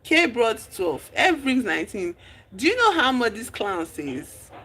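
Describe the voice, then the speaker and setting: A streamer, recapping a movie in casual chat, telling the story with lively exclamations and acting out the characters' lines. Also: mid-range voice, unhurried, slightly rough. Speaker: livestream host.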